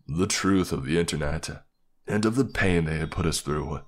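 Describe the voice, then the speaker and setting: A man voicing a genderless, all-knowing being at the edge of the internet, speaking slowly and plainly. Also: extremely low pitch. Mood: ominous. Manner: slow, plain, commanding.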